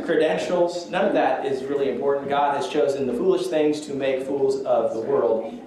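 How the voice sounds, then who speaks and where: A man's voice: medium pitch, a little mellow, slight background noise. A man preaching a conversational sermon in a church, easygoing and self-deprecating, with chuckles. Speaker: pastor. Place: church sanctuary. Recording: echoey church room from a distance.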